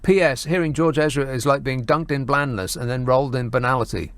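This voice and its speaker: A man hosting a radio phone-in, sardonic and quick as he reads out listeners' messages and banters with callers. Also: mid-range voice, dry recording.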